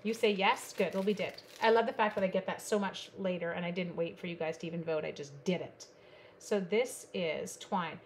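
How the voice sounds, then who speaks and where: A woman's voice: on the low side, steady tone, a little fast, slight background noise. Bubbly chatty woman crafting live. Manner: chatty, bubbly, talks to viewers while working. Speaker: card-making demonstrator. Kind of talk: live online crafting stream.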